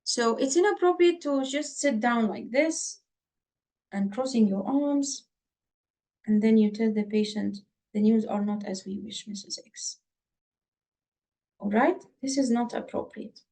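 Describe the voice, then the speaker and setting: A woman's voice: on the high side, a little mellow. A woman teaching doctors in an online lesson over a computer mic, repeating her points and checking in with her listeners. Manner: slow, repetitive, checks in with listeners. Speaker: medical exam tutor.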